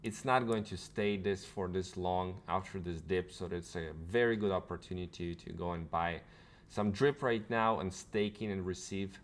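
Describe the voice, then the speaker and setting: Brief: male crypto vlogger, low voice, rambling delivery full of fillers, faint background hiss. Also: steady tone, moderate pace. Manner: loose and rambling, many fillers and restarts. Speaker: crypto channel host. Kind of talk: casual news commentary.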